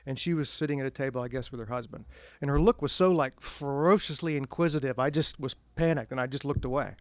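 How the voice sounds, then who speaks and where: A middle-aged man, an author, telling self-deprecating anecdotes to an audience at a bookstore event in a relaxed, humorous way. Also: medium pitch, fast, dry recording. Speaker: author speaking at a book event. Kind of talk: humorous storytelling talk to an audience.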